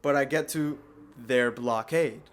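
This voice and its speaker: A man's voice: mid-range voice, measured pace. A young man on a podcast telling a story in a casual, profane way, laughing often and filling his speech with "like". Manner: laid-back, profane, laughs through his story, lots of "like" fillers. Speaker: podcast co-host.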